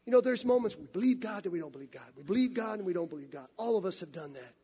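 A man's voice: sits high, animated, racing, crowd noise. A man preaching a sermon, telling a story animatedly and acting out the scenes. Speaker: pastor.

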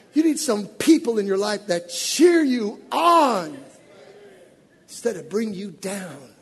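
A middle-aged man preaching a sermon, swinging between loud shouted exhortation and low, conversational storytelling. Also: expressive, unhurried, some chatter behind. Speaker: pastor. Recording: long hall reverb.

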